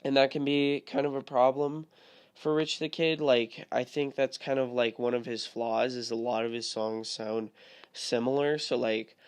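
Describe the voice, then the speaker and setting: A man's voice: mid-range voice, little pitch movement, moderate pace, clean tone. A young man hosting his own podcast, rambling in a casual, profane rant full of filler words. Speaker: podcast host.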